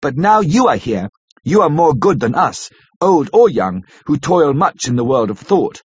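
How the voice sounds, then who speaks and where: A man playing a grave old professor, husky and solemn. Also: a little high, big pitch swings, dry recording, exaggerated voice. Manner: solemn, halting, formal old-fashioned phrasing. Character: grave older male professor, kindly and commanding. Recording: dull lo-fi recording.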